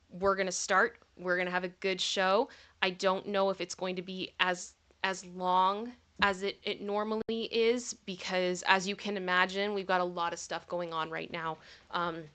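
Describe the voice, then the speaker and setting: Woman, livestream host, bright tone, chatty and thankful, casual delivery. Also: on the low side, little pitch movement, unhurried. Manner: chatty, thanks viewers by name, gets giggly.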